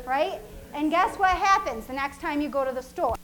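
High, bright-voiced woman preaching. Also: lively intonation, normal speed, slight background noise, low-quality recording. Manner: conversational and repetitive, with frequent laughs. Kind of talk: sermon.

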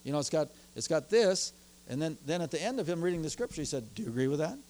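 A man preaching a sermon as pastor, telling stories from his church in an animated way and growing excited as he goes. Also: a little high, fast talker. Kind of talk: sermon with personal storytelling.

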